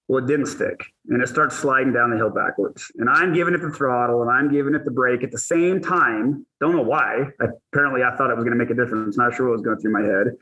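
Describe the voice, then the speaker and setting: Male guest, bright forceful voice, quick animated storyteller, casual interview. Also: medium pitch, low-quality recording. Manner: animated anecdote teller, quick bursts. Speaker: guest, athlete and ambassador manager.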